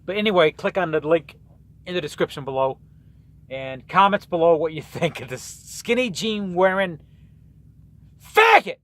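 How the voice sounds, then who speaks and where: This trucker speaks at a moderate pace in a slightly high voice, ranting at the camera in a loose, casual way. His talk wanders and circles back on itself, with frequent false starts.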